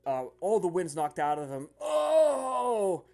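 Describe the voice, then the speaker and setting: A man narrating as game master of a tabletop role-playing game, shouting out villagers' lines now and then. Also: fairly high pitch, a little fast, faint music behind. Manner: relaxed, breaks into loud shouted voices for villagers.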